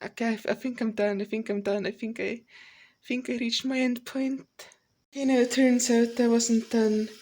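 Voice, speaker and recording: A woman's voice: fairly high pitch, a little mellow, poor audio. A young woman vlogging from home, rambling in a crude, repetitive way and swearing often. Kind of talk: rambling solo vlog.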